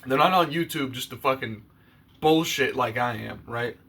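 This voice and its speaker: A man's voice: medium pitch, normal speed, vocal fry, fairly bright tone, slightly rough. A man talking to camera in a casual, blunt and profane rant on his own channel. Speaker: YouTuber.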